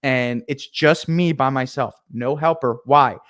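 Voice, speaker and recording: A man's voice: mid-range voice, unhurried, fairly bright tone. A young man telling a story in casual talk as a podcast guest, acting out his own past lines with energy. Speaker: podcast guest, painting contractor.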